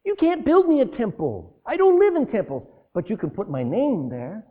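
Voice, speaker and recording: A man voicing God in a sermon retelling, with a raised, slow, emphatic declaration. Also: high voice, wildly swooping pitch, voice pushed up. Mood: firm. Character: God speaking, male, firm and commanding. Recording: tinny phone-like lo-fi sound.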